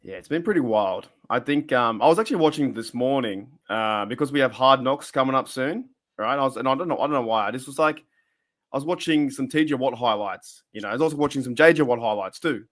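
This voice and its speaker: A man with an Australian accent hosting a casual sports podcast, rambling and animated and quick to laugh, talking over a video call. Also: mid-range voice. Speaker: podcast host.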